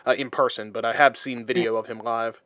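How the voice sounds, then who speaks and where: A man's voice: medium pitch, level tone, fairly quick, a bit bright, no room sound. A man hosting a casual podcast chat, laughing often and tossing in mock British accents when quoting film lines. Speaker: podcast host.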